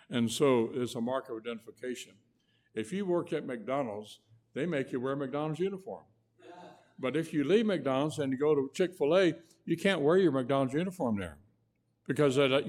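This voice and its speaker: Folksy man preaching a sermon. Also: mid-range voice. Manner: folksy, repeats words, tells homespun stories. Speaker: guest preacher.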